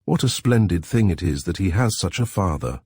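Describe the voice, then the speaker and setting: Man playing a quiet sly detective type, soft mocking murmur, deep voice. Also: animated, moderate pace, husky, no echo, clean studio sound, heavily acted. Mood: mock-sincere. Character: mild, sly, dryly ironic male investigator.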